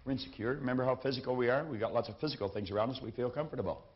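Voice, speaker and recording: Talking rapid-fire in a mid-range voice, a man gives an emphatic motivational lecture at a lectern, repeating his key phrases. He is a seminar speaker, and the recording is dull and lo-fi.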